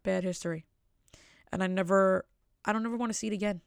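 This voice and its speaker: Gravelly-voiced woman hosting a rambling podcast. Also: medium pitch, steady tone, fast talker, dry recording, studio quality. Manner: rambling, self-mocking jokes. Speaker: podcast host. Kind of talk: casual solo podcast chat. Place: at home with family asleep.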